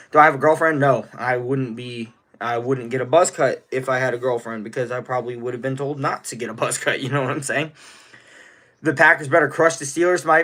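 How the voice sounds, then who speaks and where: A young adult man streaming live, chatting casually with viewers and excitedly shouting out donors. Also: mid-range voice. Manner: excitable, gives rapid shout-outs to donors; chatty, answers viewer questions one by one.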